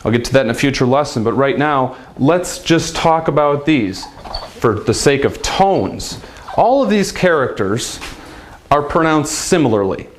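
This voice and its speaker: A man's voice: mid-range voice, lively intonation, measured pace, a little hiss or hum. A man teaching a casual video language lesson in an upbeat, chatty way.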